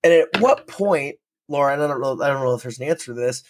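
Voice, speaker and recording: A man from North Dakota co-hosting a casual podcast chat, talking in an animated way with lots of restarts and quick laughs. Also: mid-range voice. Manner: chatty, laughing, stumbling restarts. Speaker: podcast co-host.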